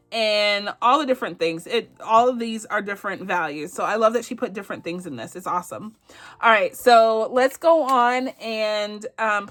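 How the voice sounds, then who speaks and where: On her budgeting vlog, a bubbly woman giggles and gushes while casually going over savings challenges, addressing everyone as "y'all." She has a slightly bright voice pitched on the high side.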